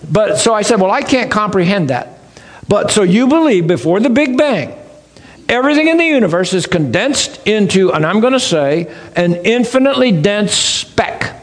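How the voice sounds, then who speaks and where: A man's voice: sits high, moderate pace. A man giving a sermon-style lecture, telling folksy stories and exclaiming in wonder. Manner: folksy storytelling, animated and exclaiming. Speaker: creation science speaker.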